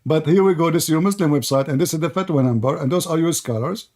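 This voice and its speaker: A man's voice: on the high side, quick pace, darkish tone. A man hosting a live debate stream who asks pointed questions and keeps repeating words to press his point. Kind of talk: argumentative debate talk.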